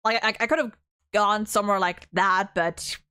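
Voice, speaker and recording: A German-born woman streaming a courtroom game, thinking aloud with excitable outbursts and stumbling restarts. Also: mid-range voice, normal speed, clear, resonant tone. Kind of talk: let's-play commentary.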